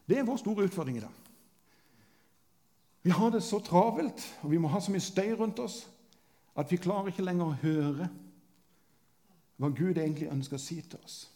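A man preaching a sermon, slow and deliberate, with long pauses between phrases. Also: fairly high pitch, dark tone.

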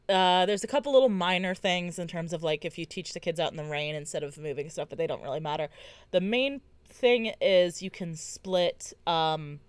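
A woman co-hosting a podcast, walking through story options in a relaxed casual chat while thinking aloud. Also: fairly low pitch, moderate pace, smooth, no room sound. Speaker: podcast co-host. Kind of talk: casual book-discussion chat.

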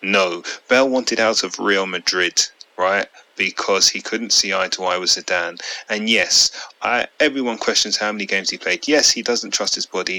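A blunt, opinionated man co-hosts a casual football podcast and swears freely. His voice is rather low but strikingly bright and forceful. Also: poor audio. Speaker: podcast co-host.

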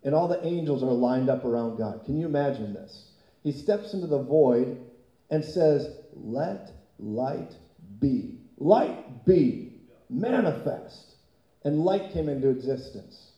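A man preaching a sermon as pastor, telling an animated story and often laughing. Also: medium pitch, moderate pace, reverberant, dull audio.

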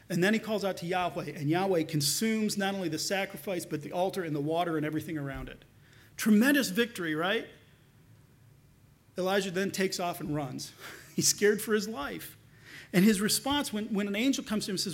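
A male pastor preaching a sermon, retelling a parable in an animated, colloquial way and often repeating words as he restarts. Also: high-pitched, brisk. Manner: animated storytelling, colloquial asides.

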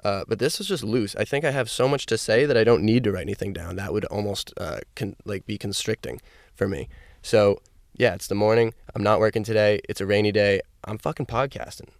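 A man's voice: on the low side, brisk, creaky, dry recording, studio quality. A young man hosting a solo podcast from his parked car, talking loosely into a microphone and swearing freely. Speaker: podcast host. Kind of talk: casual solo podcast rambling.

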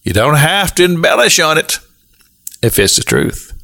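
A man's voice: on the high side, very animated, moderate pace, vocal fry, pushed and bright. A male pastor giving a folksy radio sermon, drawing out the quoted words for emphasis.

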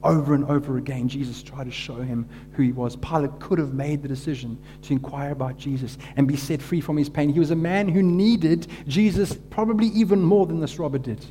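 A man preaching a sermon, retelling a story dramatically, his voice rising for the crowd and dropping to a hush for quoted words. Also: a little high, a little fast, hardly any pauses, slight background noise.

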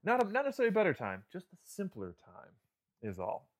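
A man hosting a casual film chat, talking haltingly with many restarts and laughing as he retells jokes. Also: high voice, wildly swooping pitch.

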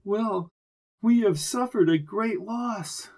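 A man reading an audiobook, voicing a grieving older society woman who speaks in a shaky, halting way. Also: sits high, animated, pitched above the performer's own voice. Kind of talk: audiobook character voice.

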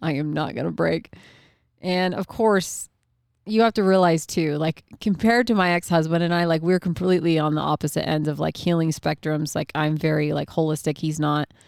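A woman's voice: sits low, steady tone, moderate pace, vocal fry, a little mellow, no echo, studio quality. A middle-aged woman telling a personal parenting story in a candid, emotional way, with lots of casual fillers. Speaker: mother sharing a parenting story.

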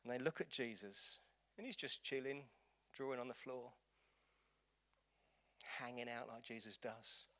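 Bright-voiced pastor preaching. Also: male voice, mid-range voice, a little slow, long pauses. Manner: impassioned, urging, rhetorical questions. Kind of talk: sermon. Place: church.

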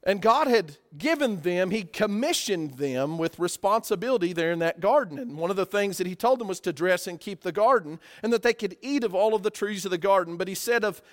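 High-voiced preaching man. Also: fairly quick, hardly any pauses. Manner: animated preaching, acts out everyday voices, rhetorical questions. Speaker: pastor. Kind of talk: sermon.

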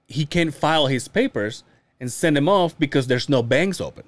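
A man's voice: a little high, normal speed, no echo. A man in his thirties, originally from Mexico, co-hosting a casual podcast and telling profane stories about his father, acting out the dialogue. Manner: profane, animated storytelling, acts out quotes. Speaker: podcast co-host.

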